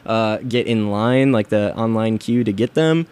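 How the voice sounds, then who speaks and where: Young male radio DJ, lower voice, loose rambling chat with fillers and laughs, studio mic. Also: a little slow, a little mellow, clear, resonant tone. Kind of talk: casual radio show chat.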